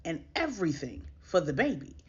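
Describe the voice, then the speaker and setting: Lively woman telling a story. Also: low-pitched, normal speed, slightly rough, dull audio. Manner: conversational, lively, addressing listeners. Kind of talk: casual story narration.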